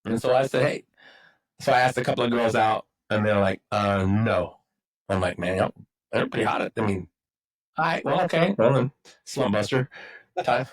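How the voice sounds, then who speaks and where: A man's voice: medium pitch, lively intonation, normal speed, pauses often, poor audio. A middle-aged man from Texas, a podcast guest and football coach, telling personal stories in casual talk, swearing freely and acting out what people said. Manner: swears freely, acts out quotes, rambling. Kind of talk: casual storytelling.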